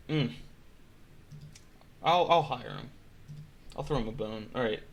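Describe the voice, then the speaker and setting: A man's voice: mid-range voice, animated, normal speed, pauses often, a bit bright. A man streaming casual reaction commentary, joking and swearing often.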